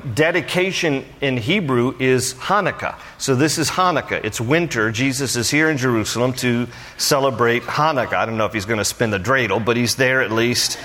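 A man's voice: medium pitch, bright, forceful tone. A man, a pastor, teaching a Bible study with earnest, conversational explanation and light asides. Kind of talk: sermon with scripture reading and prayer. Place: church. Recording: long hall reverb.

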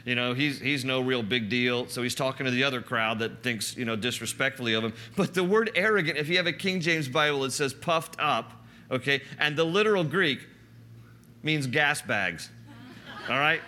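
A man preaching a sermon, teaching through a Bible passage in a conversational, animated way. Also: medium pitch, moderate pace. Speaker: pastor.

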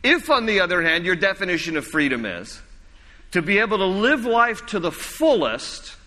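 A man's voice: sits high, very animated, moderate pace, bright, forceful tone. A male pastor preaching a sermon in a church, conversational and repetitive, mixing humor and personal stories. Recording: reverberant church hall.

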